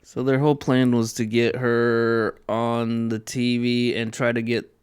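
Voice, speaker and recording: A man's voice: medium pitch, level tone, measured pace, smooth, no echo, studio quality. A man co-hosting a podcast in laid-back, casual movie chat, swearing freely. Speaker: podcast co-host.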